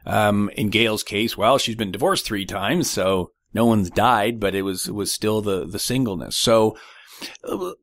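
A man's voice: lowish voice, measured pace, a bit bright, no echo, studio quality. A man hosting a podcast interview, chatty and rambling, with playful hypothetical questions. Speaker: podcast host. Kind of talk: conversational interview.

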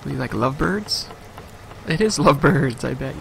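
Gravelly man narrating his gameplay. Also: mid-range voice, lively intonation, moderate pace, fairly bright tone, slight background noise. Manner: chatty, thinking aloud, mock outrage. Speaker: let's play commentator. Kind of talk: casual gameplay commentary. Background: game music.

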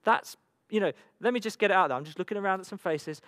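A man's voice: high voice, fast, fairly bright tone. A man preaching a sermon as pastor, emphatic and repetitive, full of rhetorical questions. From England. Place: church hall. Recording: long hall reverb.

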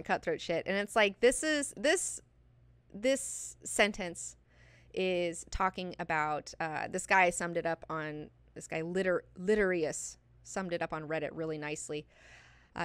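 An excitable woman hosts a book discussion, chatty and quick to swear. Her voice is smooth and clear. The sound is close and dry. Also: medium pitch, dry recording. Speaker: book club host.

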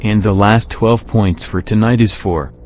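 A man's voice: fairly low pitch, fairly even intonation, measured pace, darkish tone, faint music behind. A man presenting jury votes in a casual, friendly scripted way. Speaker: jury spokesperson.

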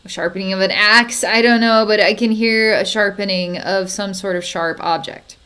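A woman psychic narrating a distance energy healing in a halting way, with frequent fillers and soft chuckles. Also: mid-range voice, steady tone, smooth. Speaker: psychic healer.

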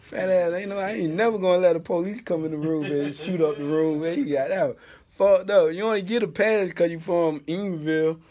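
A middle-aged man with a Central Florida accent, hosting a podcast with loud, laughing, profane storytelling. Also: sits high, fairly quick. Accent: Southern US, Central Florida. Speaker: podcast host. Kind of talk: casual podcast banter.

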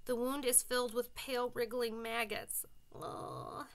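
A woman's voice: on the high side, level tone, moderate pace. A woman reading a children's novel aloud as an audiobook, with friendly, casual asides to her listeners. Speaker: reader.

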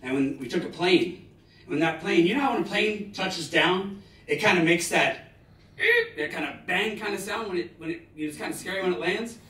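A man in his forties giving a live motivational talk, telling stories dramatically with bursts of loud emphasis. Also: high-pitched, normal speed. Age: 40s. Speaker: motivational speaker. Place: large lecture hall. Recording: roomy hall, distant mic.

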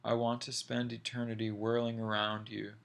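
A man reading a young woman's lines softly and quickly, apologetic and tender. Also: fairly low pitch, little pitch movement, creaky. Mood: playful.

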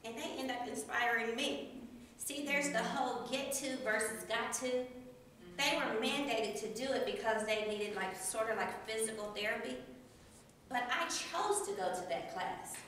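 A woman delivers a lively motivational speech, laughing often and repeating key phrases for emphasis. Her voice sits high. It is recorded from far off in a very echoey room, with faint background noise. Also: normal speed. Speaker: speaker at a speaking club. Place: meeting room.

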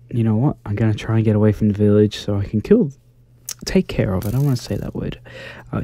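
Mellow soft-spoken man, gentle game commentary. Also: on the low side. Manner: gentle, quaint exclamations, easily flustered. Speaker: gaming YouTuber.

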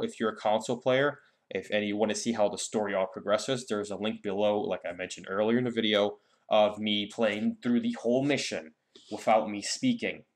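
A young man giving a casual, rambling game guide with many fillers and restarts. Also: on the low side. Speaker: gaming YouTuber.

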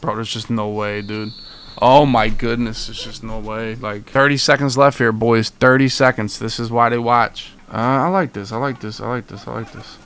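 A young male gaming streamer plays a football video game, hyping and trash-talking to his chat in live commentary and repeating himself. His voice is medium-pitched and a bit bright, with fairly even intonation at normal speed, and the recording carries a little hiss or hum.

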